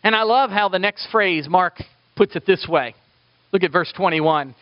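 A man preaching a sermon in a fairly high voice, jumping between emphatic, raised lines and hushed asides. The sound is dry and a little dull, with no room echo. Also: moderate pace. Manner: animated preaching with sudden loud and soft turns, playful asides to the congregation. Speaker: pastor.

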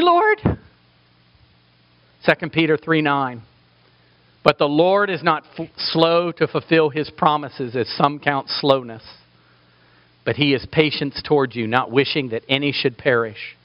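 A man's voice: on the high side, dry recording, highs cut off. Impassioned preacher, man, dry sound. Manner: impassioned, rising to emphatic peaks. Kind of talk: sermon.

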